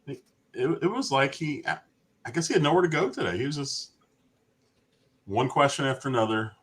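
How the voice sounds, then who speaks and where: On a live talk show joined by video call, a middle-aged man with a medium-pitched voice tells casual stories quickly. He's lively and imitates the people in his anecdotes.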